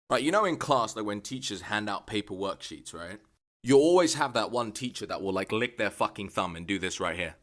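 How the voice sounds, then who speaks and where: A young man vlogging comic rants, swearing constantly and bursting into exasperated shouts. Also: lowish voice, lively intonation, fairly quick. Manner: profane, exasperated ranting with sudden shouts. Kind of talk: comedic rant vlog.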